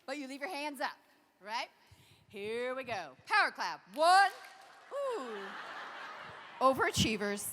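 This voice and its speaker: Energetic woman keynote speaker, high and bright, coaxing a big hall of students to join in. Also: unhurried, long pauses, a little hiss or hum. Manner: energetic, leads the crowd in call-and-response. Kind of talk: interactive motivational keynote. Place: large convention hall.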